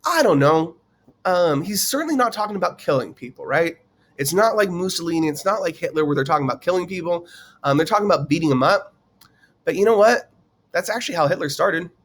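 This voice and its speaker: In a casual explainer lecture, a male teacher breaks down a political subject, peppering his talk with fillers and questions to the viewer. His voice is on the high side, expressive, brisk and a bit bright, with a little hiss or hum in the recording.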